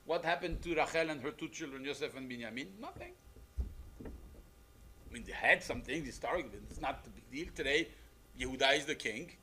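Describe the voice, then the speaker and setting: Animated, bright-voiced man teaching. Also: medium pitch, a little fast, slight background noise. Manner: animated, emphatic, rhetorical questions. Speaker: rabbi teaching a class. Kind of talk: lecture on a text.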